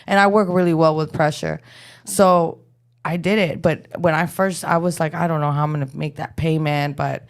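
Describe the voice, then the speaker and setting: A woman's voice: sits low, moderate pace. A woman with a Texan accent, co-hosting a podcast and telling stories in casual chat, acting out quotes with animation. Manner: animated storyteller, acts out quotes. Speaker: podcast co-host.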